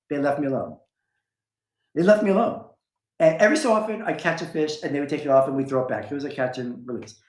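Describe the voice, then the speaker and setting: Male storyteller, casual podcast chat, higher-pitched, animated quotes, lots of "I go", echoey room. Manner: animated, acts out quoted lines with a jumping pitch; rambling, full of restarts and "I go".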